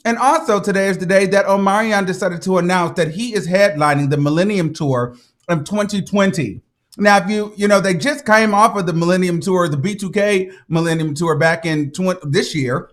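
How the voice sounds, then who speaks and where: A man hosting a casual gossip commentary show, telling stories in an animated, profane, dramatic way. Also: high-pitched, moderate pace. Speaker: host.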